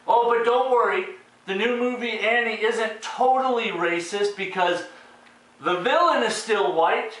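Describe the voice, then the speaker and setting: Sarcastic high-voiced man ranting, echoey room. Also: a little slow, a bit bright. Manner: sarcastic, profane, exasperated. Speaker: retro movie reviewer. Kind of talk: casual ranting review. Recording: very echoey room, distant mic.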